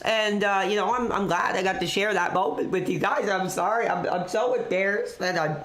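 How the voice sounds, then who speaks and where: A woman's voice: mid-range voice, steady tone, normal speed, hardly any pauses, fairly bright tone. Rambling woman host in a roomy space. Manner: rambling storyteller with constant "you know". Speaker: live wrestling show host. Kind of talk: off-the-cuff live-stream chat.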